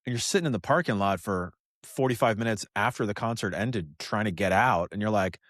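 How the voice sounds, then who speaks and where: A man's voice: on the low side, a little fast, fairly bright tone, no room sound, clean studio sound. Rambling American man, casual podcast co-host. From United States. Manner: rambling, repeats phrases, says "you know" and "dude". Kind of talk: casual chat.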